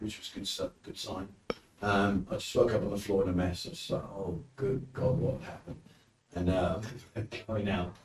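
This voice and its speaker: On a podcast, a man from the UK with a British accent tells animated, casual stories and acts out quotes. His voice is on the low side, and he's recorded from a distance, leaving a roomy, off-mic sound with faint noise.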